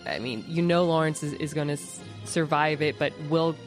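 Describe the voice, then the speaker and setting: A man's voice: on the high side, moderate pace, faint music behind. A man co-hosting a film podcast, talking animatedly with many fillers. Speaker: podcast co-host.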